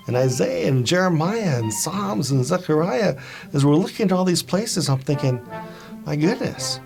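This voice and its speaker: A man in his fifties tells his faith testimony earnestly and reflectively, sometimes pausing on small fillers. His voice sits at an ordinary middle pitch, and faint music plays softly behind him. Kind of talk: personal testimony.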